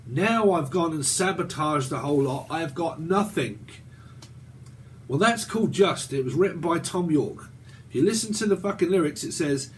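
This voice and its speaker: Swearing British man, fairly high voice. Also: animated, normal speed, slight background noise. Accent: British English. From Britain. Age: 40s. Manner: profane, rambling, laughs often. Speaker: tarot reader. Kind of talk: casual tarot reading monologue.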